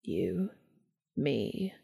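A woman putting on a deep, gravelly grown man, calm and intense, speaking low and slow in a fan fiction audiobook. The sound is dry and close, with a rough, creaky edge. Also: no room sound, heavily acted. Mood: seductive.

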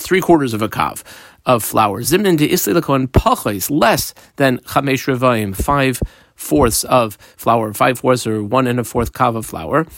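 A man's voice: mid-range voice, a bit bright, no echo. A man teaching a Talmud page, reading Aramaic phrases and translating them into casual English with frequent fillers. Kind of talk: daf yomi lesson.

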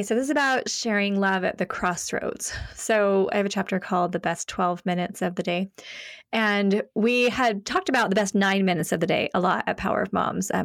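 A woman's voice: medium pitch, vocal fry, dry recording, clean studio sound. A woman guest on a podcast, telling family stories in a casual chat, laughing often and acting out the phrases she quotes. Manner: animated storytelling, acts out quoted phrases; laughs often while talking.

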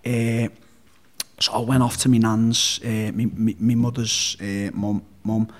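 A man's voice: fairly low pitch, little pitch movement, a little slow. Blunt sweary Liverpool man. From Liverpool, England. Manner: blunt, sweary, rambling with restarts. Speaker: interview guest. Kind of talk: casual storytelling.

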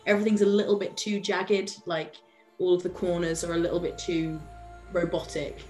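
British woman, lowish voice, excited player describing her turn, soft music behind. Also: normal speed, rough recording. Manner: animated, laughing as she describes her moves. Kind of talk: playing a tabletop game.

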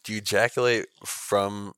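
A man's voice: fairly low pitch, clean tone, no echo. Brief: young man, co-host, dry joking asides, close dry mic. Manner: quick deadpan quips and questions. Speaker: podcast co-host. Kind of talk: casual chat, joking interjections.

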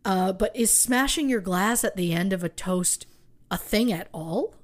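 A woman's voice: mid-range voice, lively intonation, a little slow. A woman co-hosting a true crime podcast, telling the case with rhetorical questions and wry asides. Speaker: podcast co-host.

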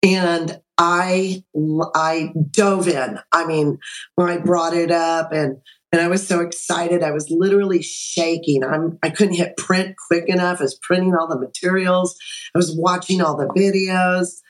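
A woman in her sixties, a podcast guest on a video call, telling a personal story in an animated way and acting out the dialogue. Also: on the low side, unhurried, low-quality recording.

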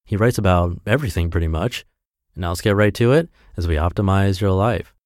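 A man's voice: deep voice, fairly quick, a little mellow, no room sound. A man narrating a podcast, reading a blog post aloud in an earnest, emphatic way on a close mic.

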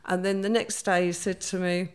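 This older interview guest has a smooth, fairly low-pitched voice, level in tone and moderate in pace. She chats about her past and acts out what other people said.

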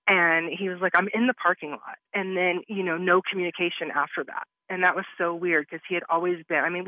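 A woman's voice: fairly low pitch, no room sound. Woman telling her story over a muffled line. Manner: animated retelling, acts out quoted exchanges. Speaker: interview guest recounting her experience. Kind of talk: conversational storytelling.

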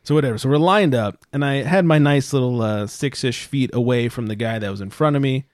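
A man telling a story on a casual podcast, profane and animated, with loud outbursts when he quotes himself. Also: mid-range voice, brisk, dry recording, clean studio sound. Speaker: podcast co-host. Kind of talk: casual chat.

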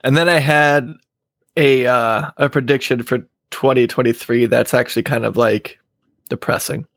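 A brash man trading stories on a casual podcast, middle-pitched and quick to laugh. He swears freely and talks with swagger. The mic is close, with a dry sound. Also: steady tone, a bit bright, dry recording. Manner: brash, profane, laughs while telling stories. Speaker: podcast co-host. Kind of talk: casual chat.

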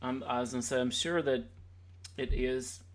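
A man's voice: mid-range voice, fairly even intonation, normal speed. A man hosting a podcast in casual chat, joking and rambling as he teases his co-hosts. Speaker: podcast host.

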